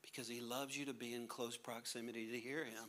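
Here a middle-aged man with a mid-range voice preaches briskly as a pastor. Between scripture readings he acts out humorous little scenes with his kids in a lively, animated way.

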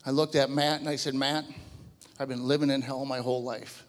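A man in his fifties giving a personal testimony to a church audience, telling his story in an animated, conversational way. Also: mid-range voice, brisk, in a large hall. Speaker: guest speaker giving a testimony. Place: large church hall before a live audience.

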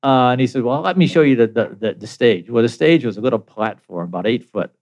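An older American man, the show's guest, telling a story in casual chat, animated and laughing often as he acts out the voices of others. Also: mid-range voice, fast talker, highs cut off.

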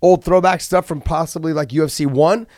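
A man co-hosting a podcast in casual chat, laid-back and rambling, clearing his throat often. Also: on the high side, steady tone, brisk, darkish tone, no echo, studio quality. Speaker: podcast co-host.

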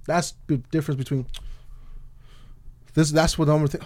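A man talking as a guest on a casual podcast, telling animated stories full of slang and swearing. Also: medium pitch, fast talker, no room sound. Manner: animated storytelling with acted-out quotes, heavy slang and swearing.

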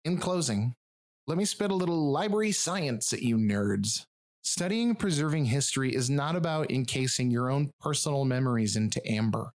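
A man's voice: medium pitch, lively intonation, moderate pace. A man from rural Michigan who drops his final G's and D's, hosting a podcast in wry, swearing, self-mocking casual chat. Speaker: podcast host and researcher.

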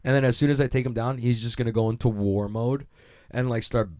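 A man's voice: mid-range voice, fairly even intonation, a little fast, a little mellow, no room sound, clean studio sound. A young man rambling through a profane, self-mocking comedic monologue, laughing at his own jokes.

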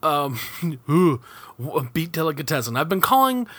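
Man, podcast host, rambling, self-mocking, bright voice, swooping pitch. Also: very animated, normal speed, no echo. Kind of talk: solo rambling podcast aside. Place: home kitchen recording setup.

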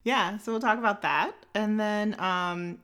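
A woman's voice: medium pitch, a little slow, a bit bright. A young woman co-hosting a podcast in casual chat, talking in a rambling way with lots of fillers and restarts. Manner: chatty, filler-heavy, frequent restarts. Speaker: podcast co-host.

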